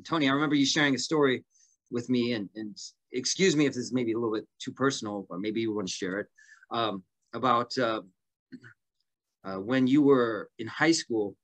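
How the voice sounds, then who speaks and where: Man, podcast guest, casual storytelling, halting with fillers, medium pitch. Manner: rambling, many fillers and restarts. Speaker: guest fighter.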